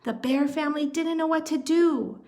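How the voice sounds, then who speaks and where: A woman storyteller reading a children's storybook aloud, expressive and unhurried. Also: sits high.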